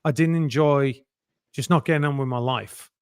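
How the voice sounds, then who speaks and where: A middle-aged man, a guest telling lively anecdotes and acting out other people's lines in a casual interview. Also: mid-range voice, moderate pace, clean tone, no echo, studio quality. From England.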